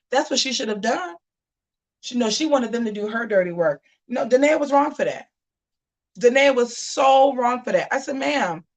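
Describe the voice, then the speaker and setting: A woman's voice: fairly high pitch, distant mic. Sassy woman hosting a live chat show. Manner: animated, sassy, talks back to chat. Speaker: host of a live commentary show. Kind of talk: livestream commentary reading chat.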